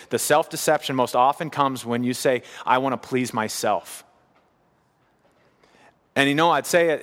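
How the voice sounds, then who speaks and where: A man's voice: medium pitch, fairly bright tone. Earnest male preacher in a reverberant hall. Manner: earnest, building to emphatic repetition. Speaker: pastor. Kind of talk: sermon.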